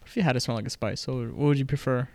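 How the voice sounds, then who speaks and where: A man's voice: medium pitch, rapid-fire. A young man in casual chat as a podcast co-host, laid-back, joking and slangy.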